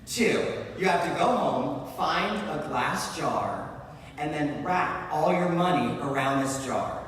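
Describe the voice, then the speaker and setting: Man doing calm fortune-teller woman, quiet, matter-of-fact, echoey hall, distant mic. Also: on the high side, slow pace, slight background noise. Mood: coaxing. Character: calm female fortune-teller offering a cure. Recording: echoey hall, heard from afar.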